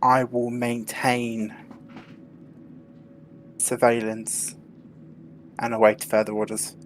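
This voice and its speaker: A man playing a drow spy who gives a measured report in a put-on drow accent, during a tabletop game. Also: medium pitch, little pitch movement, a little hiss or hum, natural voice. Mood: formal. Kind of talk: tabletop game role-play.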